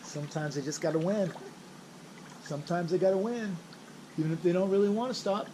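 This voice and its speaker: A man's voice: high-pitched, a little fast. A man giving a live swimming lesson to his young child in a pool, cheering, counting and calling out playful coaching cues in a sing-song way. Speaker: swim instructor and parent. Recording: loud splashing water noise.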